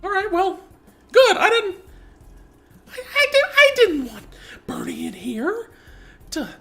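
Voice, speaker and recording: A man putting on a high, flustered voice as an older woman politician talking herself through a crush, a comedic impression. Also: huge pitch swings, slow pace, bright, forceful tone, faint music behind, heavily acted. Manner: breathless, flustered self-talk.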